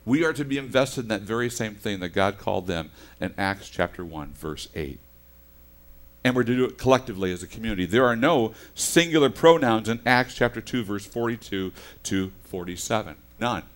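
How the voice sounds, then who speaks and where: A middle-aged man delivers a sermon as the church's pastor. He talks in a casual, storytelling way, correcting himself as he goes. His voice dips into quiet asides and then climbs to loud, emphatic bursts. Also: lowish voice, animated, a little fast. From United States. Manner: conversational storytelling with self-corrections.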